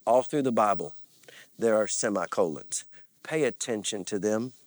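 A man's voice: fairly low pitch, normal speed, no echo. A man preaching as a pastor, earnest and confessional, with repeated phrases and rising bursts of emphasis. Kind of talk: sermon.

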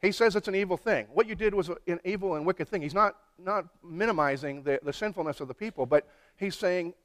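Male pastor, fairly high voice, loose conversational sermon with frequent restarts. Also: brisk, a bit bright. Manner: conversational, repeats words while searching for phrasing.

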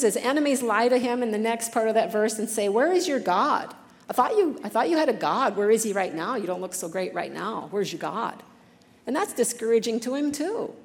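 A woman's voice: on the high side, a little mellow, long reverb tail. A woman giving an earnest, conversational devotional talk, reading scripture passages with feeling.

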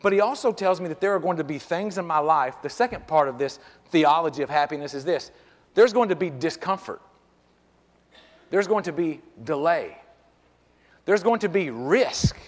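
A middle-aged man delivers a sermon in a high, conversational voice. He repeats words as he restarts his thoughts. Long reverb from the church hall trails behind him. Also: animated, moderate pace. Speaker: pastor. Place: church sanctuary.

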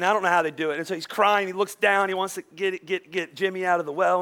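Brief: male pastor, high-pitched voice, animated sermon storytelling. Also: fast, few pauses. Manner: animated storytelling, frequent restarts.

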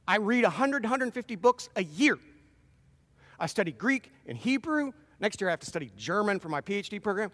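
A middle-aged man preaching a sermon, earnest and animated, with self-deprecating asides. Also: sits high. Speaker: pastor. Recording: long hall reverb.

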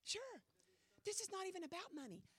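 A woman pastor preaching a sermon in a church, emphatic with dramatic pauses, her voice a little strained. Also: very high-pitched, sing-song, a bit bright. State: voice trouble, slightly strained.

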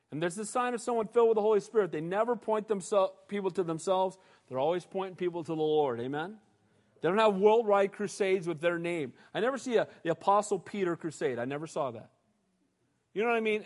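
A male pastor delivering an emphatic, animated sermon and often calling for amens. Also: high-pitched. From United States. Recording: reverberant hall.

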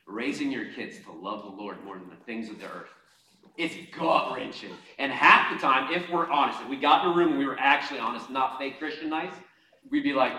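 A male pastor preaching a sermon to his congregation, impassioned and conversational, swinging from loud urging to quiet asides and calling on the room to answer. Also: on the high side, normal speed. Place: church hall before a congregation. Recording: echoey hall, mic at a distance.

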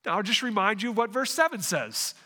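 A man's voice: high voice, big pitch swings, a little fast, sharp tone, long reverb tail. A man preaching a sermon, working through a passage verse by verse, often restarting phrases and asking the congregation questions. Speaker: pastor.

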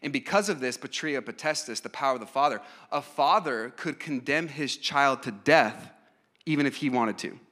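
A man's voice: mid-range voice, normal speed, sharp tone. A man in his thirties preaching a sermon in an earnest, emphatic way, with frequent fillers and restarts. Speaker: pastor.

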